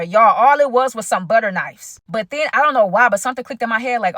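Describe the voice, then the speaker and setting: A young woman recounts a wild personal story to her viewers in an animated, chatty way, using lots of slang. Her voice is close and dry, with no room around it. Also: on the high side, quick pace, few pauses, dry recording. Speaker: vlogger telling a story. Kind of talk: casual storytime vlog.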